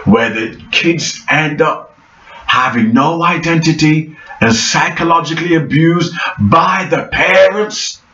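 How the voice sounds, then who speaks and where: A man's voice: fairly high pitch, slow, bright, forceful tone, roomy sound, dull audio. A man giving an opinionated vlog commentary, talking emphatically and repeating his points, with theatrical outbursts. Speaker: vlogger.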